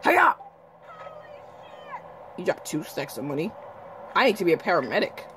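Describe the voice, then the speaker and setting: A man giving joking, excitable commentary over his video game play, calling out to the characters on screen. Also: a little high, quick pace, noisy background. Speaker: gameplay commentator. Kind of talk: casual gameplay commentary. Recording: game music loud behind voice. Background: video game music and sounds.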